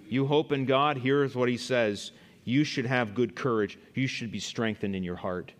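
A man preaching a sermon as pastor, repeating words and rising loud and high when he quotes scripture. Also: normal speed. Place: church. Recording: long reverb in a church hall.

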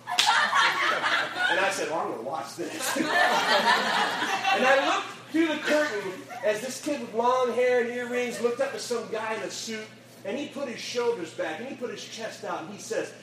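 A man, a youth pastor, telling a lively story in a sermon and acting out the voices, laughing as he goes, then closing in prayer. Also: high voice, measured pace, a loud crowd. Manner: animated storyteller, acts out quotes, laughs often. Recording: echoey room, distant mic, audible noise.

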